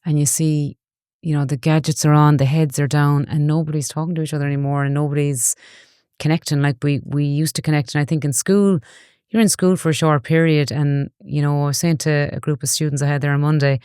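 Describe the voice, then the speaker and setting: Brief: Galway Irish woman, forties, rapid and chatty guest, smooth clear voice, dry close sound. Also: deep voice, level tone, warm tone, dry recording. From Ireland. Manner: chatty storyteller, earnest. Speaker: guest, online safety educator. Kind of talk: casual interview chat.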